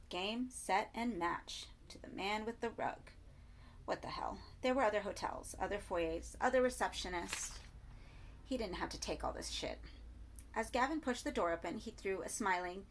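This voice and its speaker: A woman narrating a horror story in a measured reading voice, sometimes dropping to soft asides. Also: mid-range voice, a little hiss or hum. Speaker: audiobook reader.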